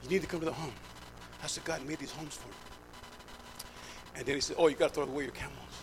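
High-pitched middle-aged male preacher, emphatic testimony, steady hum behind him. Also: fast talker. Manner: emphatic storyteller, acts out dialogue. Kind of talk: sermon testimony. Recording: clear background hum.

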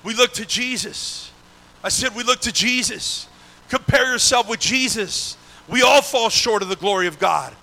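High, gravelly preacher man shouting. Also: rough recording. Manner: call-and-response preaching, swinging from shouted peaks to near-hushed talk; drawn-out repeated shouted refrains. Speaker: pastor. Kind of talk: sermon.

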